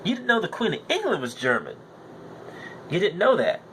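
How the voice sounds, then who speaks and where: A young man delivers a heated, profane podcast monologue, repeating his points to drive them home. His voice is bright and edged, rising and falling widely. A faint hiss sits in the background. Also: sits high, huge pitch swings, normal speed. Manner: profane, ranting, repeats himself insistently. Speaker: podcast host.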